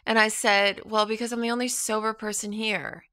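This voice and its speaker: A woman in her thirties chatting as a guest, telling an animated story full of fillers and acted-out quotes. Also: mid-range voice, brisk, dry recording. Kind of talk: casual chat, storytelling.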